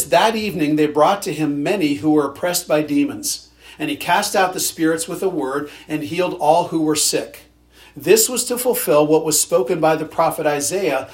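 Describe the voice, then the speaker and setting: A male pastor preaching a sermon in a conversational way, with dry sarcastic humor. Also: a little high.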